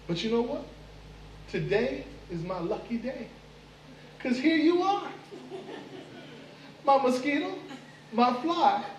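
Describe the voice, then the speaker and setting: A man's voice: very high-pitched, lo-fi sound, a little hiss or hum, pitched above the performer's own voice. A man voicing a sly male trickster spider in a told folk tale, with a drawling, exaggerated delivery. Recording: echoey room, mic far off.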